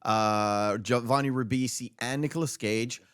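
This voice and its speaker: A man's voice: mid-range voice, a little slow, fairly bright tone, clean tone, no room sound, studio quality. A man hosting a casual movie podcast, rambling through trivia with many fillers and restarts. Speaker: podcast host.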